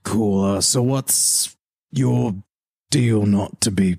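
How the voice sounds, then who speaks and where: A fairly low, husky male voice, talking through a tabletop role-play in a loose, halting way, full of "like"s. Dry, close sound. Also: a little mellow, no room sound. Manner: hesitant, lots of "like". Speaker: player. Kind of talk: casual in-character role-play.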